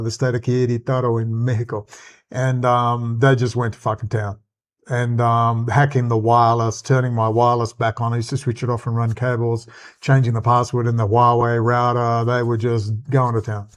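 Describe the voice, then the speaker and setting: An Australian man hosting his own channel, delivering an agitated, rambling, profane commentary rant. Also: mid-range voice. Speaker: channel host.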